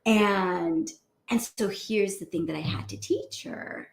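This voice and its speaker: A woman cardiologist talking casually to a group, telling a patient's story in a lively way. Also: mid-range voice, slow, creaky, roomy sound. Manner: animated storytelling, acting out her patient's voice. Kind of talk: casual morning talk to a group.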